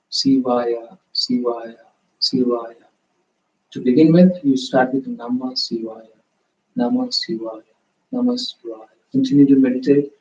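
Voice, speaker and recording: Man, yoga teacher, calm and unhurried instruction, medium pitch, echoing muffled room sound. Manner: slow, calm, gently instructive. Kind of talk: guided yoga and meditation instruction.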